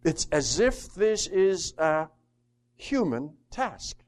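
A man's voice: on the high side, slow pace. A man teaching a Bible study, reading scripture aloud and putting questions to his listeners. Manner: lively, asks the class questions, reads scripture aloud.

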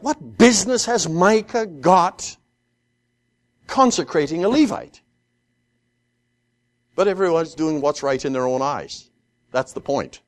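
A man teaching through a scripture passage, acting out the characters' lines and often repeating words while thinking aloud. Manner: animated, acts out the characters' lines with rising pitch. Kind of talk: expository Bible teaching.

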